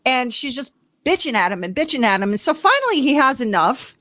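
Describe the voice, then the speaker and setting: A woman's voice: sits high, big pitch swings, fairly quick, bright, forceful tone, no echo. A woman co-hosting a podcast, recapping a reality show in casual chat with blunt, exasperated swearing. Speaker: podcast co-host.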